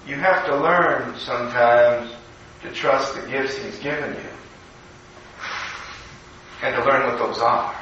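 A calm, patient divine voice, as a preacher puts it on, lower and softer than his own bright tone. It speaks slowly and gently, like a teacher. The room echoes strongly, and the mic sits well away. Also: distant mic, muffled recording, a little hiss or hum. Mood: gentle.

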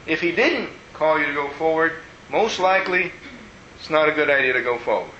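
A man preaching a sermon as pastor, telling stories in an animated way and acting out the people he quotes. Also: a little high, a little fast, muffled recording, a little hiss or hum. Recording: roomy echo.

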